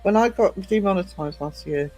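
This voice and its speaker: A man's voice: high-pitched, normal speed, darkish tone, poor audio. A British man hosting a YouTube livestream, chatting casually in a rambling, digressive way. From United Kingdom. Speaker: YouTube channel host.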